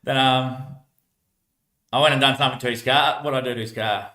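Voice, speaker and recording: An Australian man rambling through casual stories about life on the streets, laughing often and trailing off quietly at the ends of his lines. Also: mid-range voice, fairly even intonation, brisk, echoey room. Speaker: homeless man telling stories.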